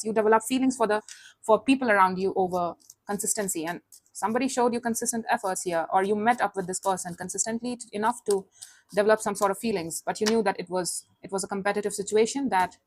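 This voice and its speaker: A woman's voice: medium pitch, dry recording. Woman, tarot reader, casual and direct, tag questions, dry recording. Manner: conversational, calls listener honey, asks tag questions. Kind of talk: tarot reading to camera.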